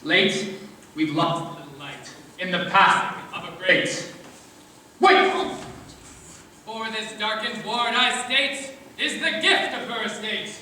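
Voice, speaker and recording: A man's voice: high-pitched, takes it slowly, sharp tone, a little hiss or hum, full character voice. A man playing a pompous rhyming lawyer. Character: male lawyer who speaks only in rhymes. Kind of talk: amateur stage musical acting. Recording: echoey stage from far off.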